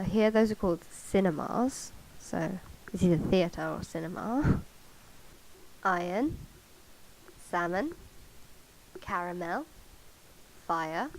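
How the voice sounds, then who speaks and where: A woman's voice: mid-range voice, darkish tone, slight background noise, poor audio. A woman chatting casually in a vlog, chatty and self-mocking with casual swearing, recorded on a cheap karaoke mic. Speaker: vlogger. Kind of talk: casual chat.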